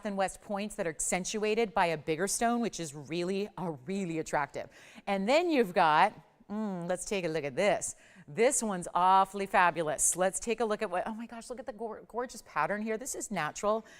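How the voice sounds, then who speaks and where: A woman's voice: mid-range voice, normal speed. Gushing female shopping channel host. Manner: chatty, gushing, upbeat sales patter. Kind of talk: live TV jewelry selling. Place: TV studio.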